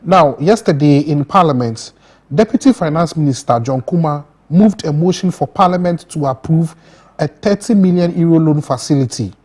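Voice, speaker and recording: A man hosting a morning talk show, steadily recounting the news and murmuring along as he listens. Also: fairly high pitch. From Ghana. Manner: steady, measured delivery with brief listening murmurs. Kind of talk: reading a news recap on air.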